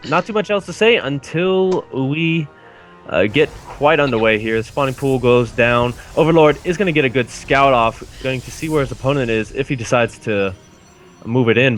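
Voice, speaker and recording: Male esports caster, mid-range voice, steady play-by-play with fillers, faint music behind. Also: mid-range voice. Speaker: caster, channel owner.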